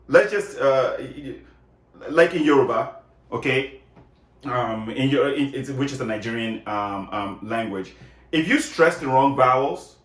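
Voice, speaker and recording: A man's voice: mid-range voice, a bit bright. A man giving a casual, conversational lesson, often checking in with "right?" as he explains. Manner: conversational, many fillers and tag questions. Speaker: lecturer. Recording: echoey room.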